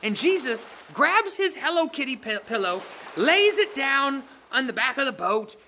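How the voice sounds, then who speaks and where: A woman's voice: high-pitched, big pitch swings, measured pace, sharp tone, a little hiss or hum. A woman telling a Bible story to children in a playful, dramatic way, full of slang and jokes. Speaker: children's ministry leader. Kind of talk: animated Bible storytelling for kids.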